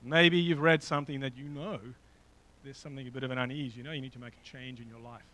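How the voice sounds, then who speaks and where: A man's voice: medium pitch, steady tone, fast talker, sharp tone, rough recording. A man preaching a sermon in a conversational way, with frequent fillers and asides. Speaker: pastor. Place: church hall with a slideshow.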